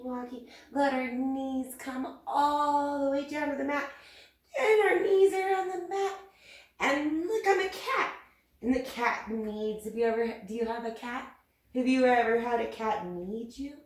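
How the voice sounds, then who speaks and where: A young woman teaching yoga to little kids in a sing-song, coaxing way, with hisses and moos along the way. Her voice sits a touch high and rings around a very echoey room. She sounds set back from the microphone. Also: a little mellow, far from the mic. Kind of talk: playful guided yoga class for children.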